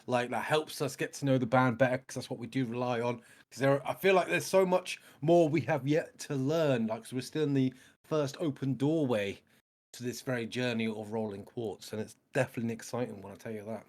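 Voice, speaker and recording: Casting: effusive British male co-host, mid-pitched, keen and friendly. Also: a little fast, a little mellow. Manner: enthusiastic, effusive, leans on "mate". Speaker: reaction video co-host. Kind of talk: casual reaction chat.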